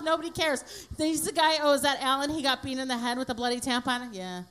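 A brash, foul-mouthed woman comic in middle age, talking from a club stage in a high voice. She laughs through her own stories and swears freely. A faint noise sits under her voice. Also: fast, a bit bright. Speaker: touring stand-up comedian. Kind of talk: profane stand-up and stage interview.

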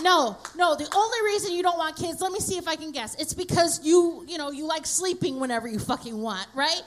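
A middle-aged woman performing stand-up in a high, bright register. She talks brashly and profanely, with a deadpan edge when she works the crowd. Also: a little fast, few pauses, a little hiss or hum. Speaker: stand-up comedian. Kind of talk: stand-up comedy set.

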